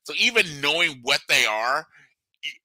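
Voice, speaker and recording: A man's voice: on the high side, very animated, moderate pace, pushed and bright, no room sound. A man hosting a casual online show, teasing his co-host with playful jokes. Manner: joking, playful banter. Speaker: podcast host. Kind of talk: casual chat.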